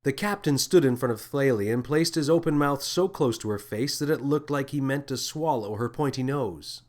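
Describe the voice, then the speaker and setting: A man reading his own children's space adventure in a lively, expressive storybook narration. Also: mid-range voice, moderate pace.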